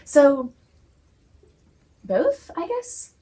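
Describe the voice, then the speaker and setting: A woman co-leading a casual Sunday school discussion, playful and quick to laugh. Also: sits high, huge pitch swings, mellow.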